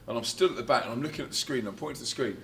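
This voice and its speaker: Rapid-fire and fairly bright with vocal fry at a medium pitch, this man is a touring Christian musician chatting as an interview guest. He spins road anecdotes casually, laughing easily and belting out quoted lines. A little hiss or hum is audible.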